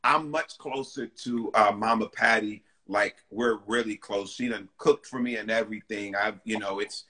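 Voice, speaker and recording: A man, a singer being interviewed, chatting casually and telling lively stories. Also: on the low side, moderate pace, few pauses. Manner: lively storytelling, acting out other people's lines. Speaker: singer guest.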